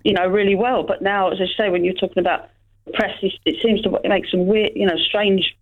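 A woman's voice: medium pitch, fairly even intonation, fairly quick. A woman calling in to chat about football, hesitant and full of fillers. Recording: tinny phone line.

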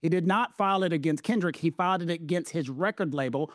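A man as a podcast guest explaining a legal case in an earnest, measured way. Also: a little high, no echo, clean studio sound. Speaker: podcast guest, constitutional law commentator. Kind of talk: explanatory conversation.

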